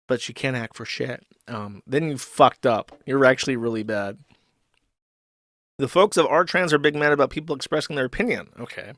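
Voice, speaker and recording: A man's voice: medium pitch, animated, a little fast, a bit bright, no room sound, clean studio sound. A man hosting a livestream, reading chat and forum comments aloud and reacting in a crude, mocking way.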